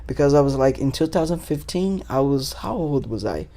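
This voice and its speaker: A man's voice: mid-range voice, expressive, fairly quick, warm tone. A young man, a podcast host telling a story in loose, casual talk full of swearing and fillers. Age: 20s.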